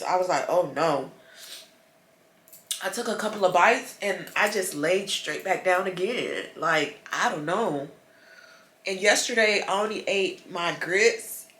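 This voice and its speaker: Sick and congested, an American vlogger talks casually to her viewers while lying in bed in her bedroom, rambling and sounding frustrated. Her medium-pitched voice is a bit bright, and the room echoes.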